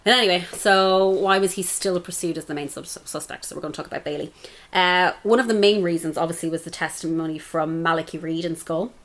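Irish woman, podcast co-host, rapid casual true-crime chat, lower voice. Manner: fast, swearing, laughing often.

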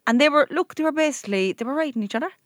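A young Irish woman co-hosting a podcast, chatting casually and launching into lively, animated anecdotes. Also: high voice, no room sound, studio quality. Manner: rapid, animated anecdote-telling. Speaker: podcast co-host. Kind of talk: casual chat.

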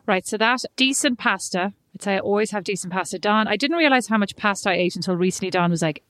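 A woman from Ireland co-hosts a relaxed podcast chat, wry and emphatic in her delivery. Her voice sits at a middling pitch and is recorded close and dry, with no room sound. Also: fast, no room sound. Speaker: podcast co-host. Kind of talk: casual chat. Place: home in the United States.

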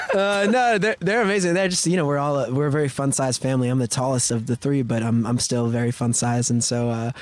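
A man's voice: mid-range voice, brisk, few pauses. A young American man, a guest musician, chatting in an upbeat, rambling way with many restarts in a radio studio. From United States. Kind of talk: casual chat.

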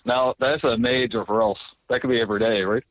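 A man's voice: mid-range voice, steady tone, fairly quick, lo-fi sound, slight background noise. A man with a southern Avalon Newfoundland accent chatting easily as a radio guest. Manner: easygoing, chatty. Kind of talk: casual interview chat.

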